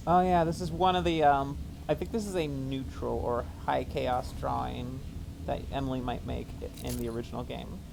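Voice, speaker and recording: A man's voice: medium pitch, steady tone, normal speed, gravelly, noisy background. Man reading game text aloud on stream. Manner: reads game text aloud, stumbling and self-correcting. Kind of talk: casual game stream commentary.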